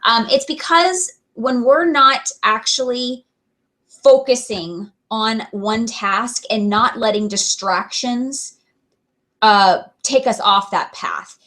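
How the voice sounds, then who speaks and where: A woman's voice: a little high, takes it slowly, a bit bright. A young adult woman giving an earnest, chatty motivational talk to her sales team, full of fillers and restarts. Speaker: direct sales team leader.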